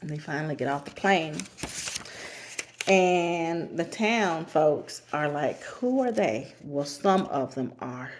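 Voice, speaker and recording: A woman's voice: low voice, slow, slight background noise. A woman giving a rambling, casual recap of a TV show, with many fillers and restarts, often laughing as she talks. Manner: laughs often while talking.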